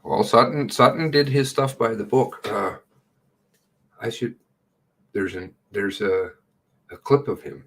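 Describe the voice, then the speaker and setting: A middle-aged man giving casual, sarcastic running commentary on a livestream, blunt and quick to swear. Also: on the low side, gravelly, fairly bright tone.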